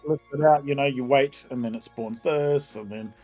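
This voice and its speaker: A man's voice: mid-range voice, normal speed, a little mellow, faint music behind. A man, a game developer, answering interview questions in a thoughtful, easygoing way that is often hesitant.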